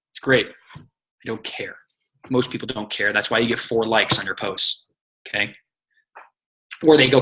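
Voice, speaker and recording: An energetic man coaches his team with a bright, forceful voice at a middle pitch. He talks casually and swears freely, and he tells stories with acted-out quotes to make his points. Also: rough recording. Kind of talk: casual motivational teaching.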